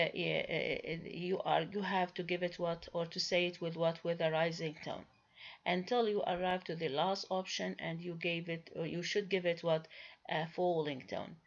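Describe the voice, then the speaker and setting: A woman lecturing students, explaining step by step and answering her own questions, with frequent pauses and restarts. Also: on the low side. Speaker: university English lecturer. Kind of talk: recorded lecture. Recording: dull lo-fi recording.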